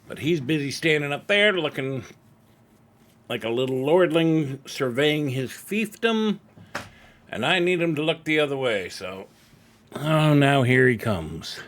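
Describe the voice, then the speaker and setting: A man's voice: a little high, lively intonation, a little slow, a bit bright. A middle-aged man streaming a video game, chatty and self-deprecating as he talks into a desk microphone at home. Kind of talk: casual live-stream commentary.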